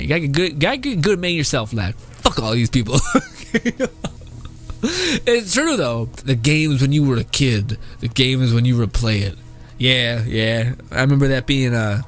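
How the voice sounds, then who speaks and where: A man's voice: mid-range voice, fairly bright tone. A young man casually reacting to memes, laughing often and swearing while he rambles.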